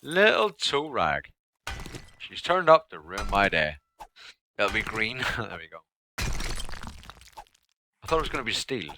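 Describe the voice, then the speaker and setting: A man with a fairly low voice talks his way through a survival game, muttering asides and humming to himself. Game sounds clatter loudly in the background. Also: very animated, slow pace, long pauses. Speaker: gamer. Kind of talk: casual gameplay commentary. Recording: noisy game audio behind.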